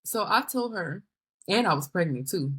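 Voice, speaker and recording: A woman in her thirties hosting a podcast, telling her own work story in casual chat, lively and exasperated, with quoted retorts. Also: lowish voice, normal speed, breathy edge. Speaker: podcast host.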